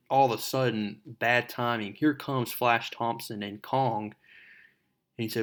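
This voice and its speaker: A young adult man hosting a casual comic book recap, talking in a relaxed, chatty way. His voice sits at a middle pitch and he strings the story along with easy fillers. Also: a little slow.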